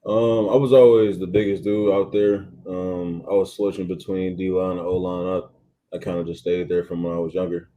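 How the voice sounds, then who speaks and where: Deep-voiced young man, laid-back answers. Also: level tone, normal speed, highs cut off. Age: 20s. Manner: laid-back, many ums and you-knows. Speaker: college football player. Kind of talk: casual interview answers. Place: athletes' training facility.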